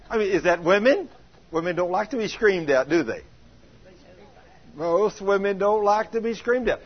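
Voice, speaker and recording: A man's voice: high-pitched, normal speed, long pauses, highs cut off. A man preaching a folksy sermon, telling stories and acting out what people said. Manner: animated, acts out quoted voices, shouts in anecdotes. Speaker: pastor.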